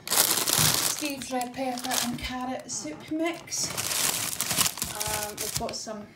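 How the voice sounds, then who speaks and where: A vlogger chats casually about her grocery haul in a homely, chatty way with frequent ums, sounding a bit out of breath. Her voice is on the high side and she draws out her words. The room is echoey with faint noise.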